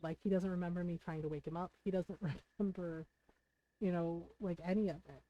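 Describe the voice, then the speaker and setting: A woman's voice: lowish voice, fairly even intonation, brisk, dark tone, highs cut off. A woman streamer casually and earnestly retelling a personal story in detail, recounting conversations.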